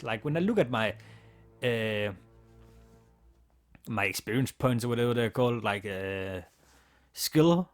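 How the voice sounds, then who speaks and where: A man, not a native English speaker, reading game text aloud and chatting casually in a let's play, with a slightly sore throat. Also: mid-range voice.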